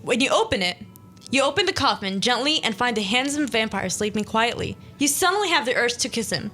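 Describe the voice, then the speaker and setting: A woman's voice: on the high side, very animated, a little fast, sharp tone, soft background music. A young woman hosting a casual radio show, chattily reading out an interactive scary story and breaking off to comment. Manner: chatty, self-interrupting, reads the story aloud.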